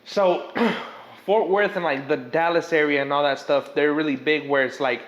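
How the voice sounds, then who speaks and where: A man's voice: on the high side, fairly even intonation, normal speed. A young man in casual podcast chat, telling a story in a rambling, profane way full of fillers. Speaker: podcast guest or host. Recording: echoey room.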